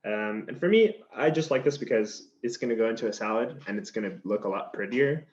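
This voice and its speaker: A man's voice: lowish voice, lively intonation, a little fast, darkish tone. A male chef giving a cooking demonstration, explaining each step in an easygoing, chatty way as he chops vegetables in a kitchen. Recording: slightly dull sound with faint noise.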